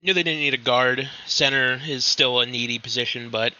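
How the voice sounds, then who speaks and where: Male caller, flat and bright, lo-fi voice chat, stumbling delivery. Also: medium pitch, moderate pace, clean tone. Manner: stumbling, self-correcting. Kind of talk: casual sports chat. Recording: dull lo-fi voice chat.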